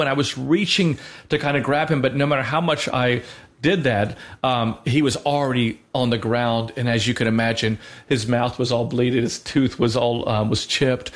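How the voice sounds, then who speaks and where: Man, 30s, co-host of a faith talk show; earnest, halting, mid-range voice, lots of restarts. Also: medium pitch. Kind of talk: faith talk with personal storytelling.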